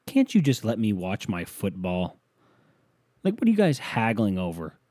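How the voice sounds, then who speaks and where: Male podcast host, low voice, mellow tone, dry close sound, rambling, profane, casual rant. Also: no room sound. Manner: rambling, profane, self-interrupting.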